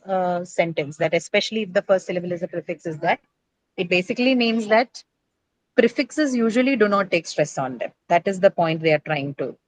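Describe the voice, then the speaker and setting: A woman's voice: fairly low pitch, expressive, a little fast, dry recording, low-quality recording. A woman teaching English pronunciation in an online class, explaining patiently step by step and checking in with tag questions.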